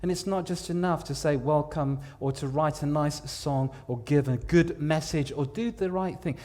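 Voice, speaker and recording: A man preaching a sermon in a church, telling the story dramatically, swinging from hushed to loud and repeating words for emphasis. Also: a little high, moderate pace.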